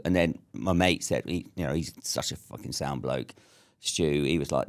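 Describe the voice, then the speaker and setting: Deep british bloke, fifties, swears a lot telling his old army stories. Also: moderate pace, clear, resonant tone. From Britain. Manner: blunt, swears freely, lively anecdote telling. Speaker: guest. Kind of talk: storytelling in a podcast interview.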